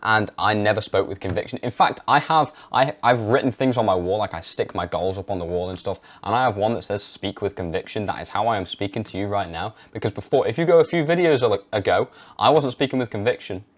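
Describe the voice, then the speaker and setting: A man's voice: fairly low pitch, quick pace, few pauses. A young man vlogging to camera. He talks emphatically and stresses key words hard, then drops into a hesitant mumble when he mimics someone unsure. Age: young adult. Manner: emphatic, mocks hesitant speech. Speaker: health vlogger. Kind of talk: direct-to-camera advice monologue.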